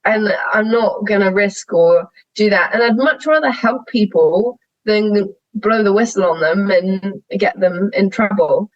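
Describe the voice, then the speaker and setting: Young woman, frank, animated, laughs a lot, medium pitch, muffled lo-fi podcast sound. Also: unhurried, hardly any pauses, no echo. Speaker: sheep shearer and podcast guest. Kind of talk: candid conversational interview.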